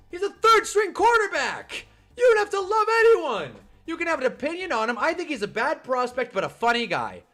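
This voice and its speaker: This young livestream host has a high voice that sounds pushed and bright. In a casual stream, he rants about football and reads out chat comments, laughing and swearing frequently.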